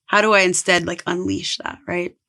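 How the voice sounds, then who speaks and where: A woman's voice: lowish voice, steady tone, normal speed, bright, forceful tone. A woman guest on a podcast, a spiritual coach telling a personal story in an earnest, casual way, often saying "like". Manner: earnest, heavy use of "like".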